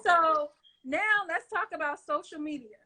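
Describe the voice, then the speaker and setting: A woman's voice: high-pitched, moderate pace, bright, forceful tone. A middle-aged woman hosting a casual interview, chatty and laughing often as she talks straight to her viewers. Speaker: show host.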